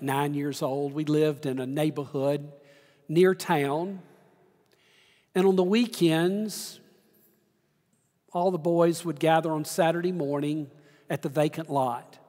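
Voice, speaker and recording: A man preaching from the pulpit, his voice sitting high and his words measured out slowly. He tells stories with deliberate, dramatic pauses, and a long reverb trails after him through the sanctuary. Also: a little mellow. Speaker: pastor. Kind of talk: sermon. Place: large church sanctuary.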